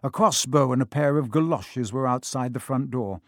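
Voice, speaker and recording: A man reading a children's fantasy novel aloud in measured, scripted narration. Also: medium pitch, no echo, studio quality. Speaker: audiobook narrator.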